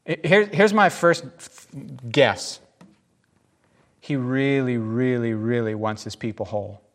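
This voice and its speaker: A man preaching a casual sermon, animated and jokey, often acting out the voices in the scripture he reads. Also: mid-range voice, slow. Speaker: pastor.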